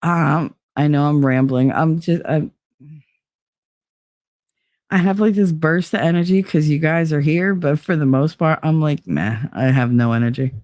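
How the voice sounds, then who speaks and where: A woman's voice: low voice, unhurried, dry recording, clean studio sound. A middle-aged woman, sick with a cold, rambling bluntly and profanely to her stream viewers. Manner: blunt, profane, animated storytelling. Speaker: livestream host. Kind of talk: casual rambling chat to viewers.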